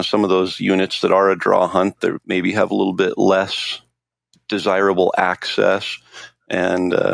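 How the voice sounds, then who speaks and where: A man co-hosting a hunting podcast who speaks in a matter-of-fact, conversational way. His low voice has a gravelly edge, and the recording is dry and close-miked. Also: no room sound. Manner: matter-of-fact, gravelly, laughs between thoughts. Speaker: podcast co-host. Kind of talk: casual chat.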